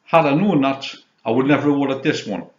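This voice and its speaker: A man's voice: mid-range voice, fairly quick, darkish tone. A man in his fifties from Britain, hosting a casual chat about film releases and filling his talk with "you know". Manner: rambling, leans on "you know", retells scenes. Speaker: host, film collector. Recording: roomy dull lo-fi sound.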